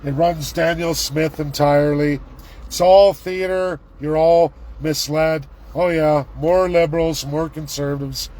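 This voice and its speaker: A middle-aged man, live-vlogging from a city street on his phone, ranting and repeating excited exclamations. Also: fairly high pitch, a little slow, rough recording. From Canada. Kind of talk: live street vlog commentary. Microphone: handheld phone camera.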